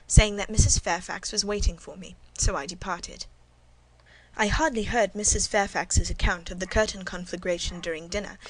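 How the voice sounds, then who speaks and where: A woman reading a classic novel aloud as a first-person narrator, in an even, measured audiobook style. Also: medium pitch, poor audio. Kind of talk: scripted narration.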